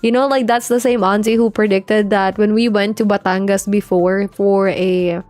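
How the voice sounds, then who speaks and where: A woman's voice: mid-range voice, steady tone, normal speed, darkish tone, no echo. A young woman from the Philippines, chatting casually and swearing freely while she streams a game. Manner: loose and chatty, swears freely, heavy use of filler "like". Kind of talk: casual livestream chat while gaming.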